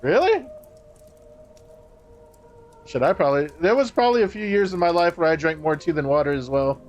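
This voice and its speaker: A man talks with his live-stream chat in a fairly high voice, swearing freely and breaking into laughter as he banters. His stream audio is a little muffled, with a faint hiss under it. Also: quick pace, darkish tone. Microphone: streaming microphone.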